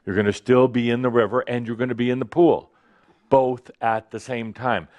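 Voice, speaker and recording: A man giving a spiritual talk to an audience, soft and slow in calm passages and loudly acting out panicked inner voices. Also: dull audio. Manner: animated, acts out panicked inner voices with shouted high pitch. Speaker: channeled teacher addressing an audience.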